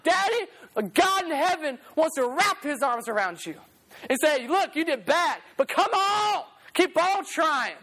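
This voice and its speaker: Brief: young male youth preacher, fairly high voice, loose and animated storytelling. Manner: animated, laughs often, slangy asides. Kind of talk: casual storytelling sermon.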